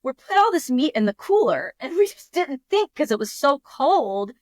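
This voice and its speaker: A woman in her fifties, a podcast guest telling a story in a lively, emotional way, with frequent restarts. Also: sits high, normal speed, no room sound. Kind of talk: casual storytelling.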